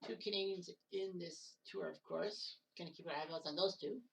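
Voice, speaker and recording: Commentating alone on a simulated golf match-play event, a woman goes over the results casually with joking asides, fixes mixed-up names, and swears occasionally. Her voice is low-ish and creaky, at a normal speed. The mic is distant and the background noisy.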